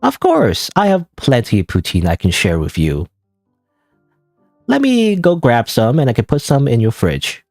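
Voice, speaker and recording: A man's voice: mid-range voice, wildly swooping pitch, measured pace, gravelly, darkish tone, dry recording, faint music behind. A man streaming a game live, giving casual, rambling, self-deprecating commentary full of "you know" and "I don't know.". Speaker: gaming streamer.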